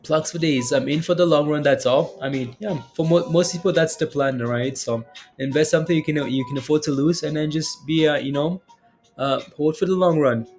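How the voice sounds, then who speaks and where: In a fairly high, darkish voice and a brisk pace, a man chats with his livestream audience about where crypto prices stand. He responds to comments as they come in, regularly adding "right?" to his sentences, while soft music plays behind him.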